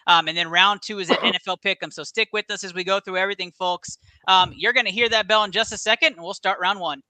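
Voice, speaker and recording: Excitable male podcast host, high bright voice, crisp and dry, studio mic. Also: fast talker, no echo. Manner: excitable, laughing, lots of fillers. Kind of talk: casual sports podcast chat.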